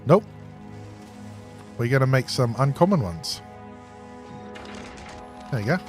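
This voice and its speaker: A man streaming a game, chatting casually with viewers in a slow, calm voice that he pitches from the chest. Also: faint music behind. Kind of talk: casual live-stream chat.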